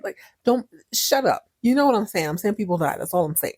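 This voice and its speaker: A woman's voice: mid-range voice, lively intonation, a little fast, a little mellow, husky, no echo, clean studio sound. A woman in her thirties hosting a podcast, recapping a soap opera casually with playful, sarcastic asides. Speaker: podcast host.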